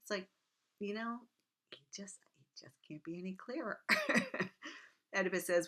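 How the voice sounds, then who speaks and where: A woman's voice: medium pitch, huge pitch swings, a little slow, pauses often, bright, forceful tone. A woman teaching literature in a casual recorded lecture. She reads quoted lines aloud, then breaks off to comment in chatty asides.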